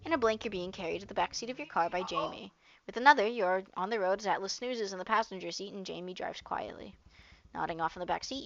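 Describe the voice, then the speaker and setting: A young woman streamer reading a visual novel aloud in a steady storytelling way. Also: mid-range voice, gravelly, lo-fi sound.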